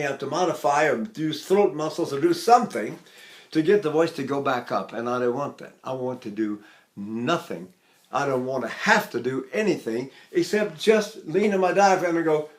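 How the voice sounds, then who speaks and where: An older man teaching singing, chatting casually and breaking into sung syllables to demonstrate. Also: fairly high pitch. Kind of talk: vocal lesson with sung demonstrations.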